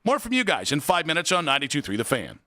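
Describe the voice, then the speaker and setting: A sarcastic American man hosting a sports talk radio show from a studio. His voice sits high, bright and sharp, and his pitch jumps around a lot as he rants and reads plugs. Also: wildly swooping pitch, fast talker. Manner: sarcastic and ranting, reads phone numbers and plugs.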